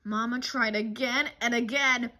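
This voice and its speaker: A woman reading a children's storybook aloud, animated and expressive, with a few small slips. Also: on the high side, unhurried, low-quality recording. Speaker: narrator.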